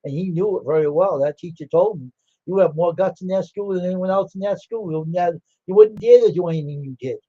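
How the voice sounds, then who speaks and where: A man's voice: high voice, brisk, dark tone, no room sound, muffled recording. An older man hosting a livestream, telling rambling stories in casual chat and acting out the dialogue. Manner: rambling, laughing, acts out quoted dialogue. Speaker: livestream host.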